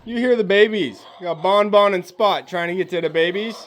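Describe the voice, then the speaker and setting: A man's voice: high-pitched, normal speed, fairly bright tone. A man on his homestead, chatting to the camera and coaxing his chickens, goats and pigs at feeding time. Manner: chatty, coaxing, talking to animals. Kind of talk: casual vlog talk to animals and camera. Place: outdoors on a farm. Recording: faint outdoor farm noise. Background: farm animals bleating.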